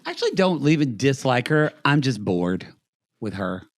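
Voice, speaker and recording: A man co-hosting a podcast, chatting casually through a recap and acting out quotes in high put-on voices. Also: big pitch swings, moderate pace, dry recording, studio quality. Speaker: podcast co-host.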